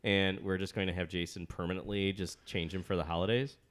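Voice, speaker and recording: A man co-hosting a casual podcast chat, teasing and animated, quick to get excited about his projects. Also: low voice. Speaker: podcast co-host.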